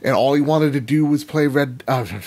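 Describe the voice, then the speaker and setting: Husky, earnest podcast co-host. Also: male voice, medium pitch, brisk, darkish tone. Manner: earnest, swears freely, many "like"s. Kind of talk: casual gaming podcast chat.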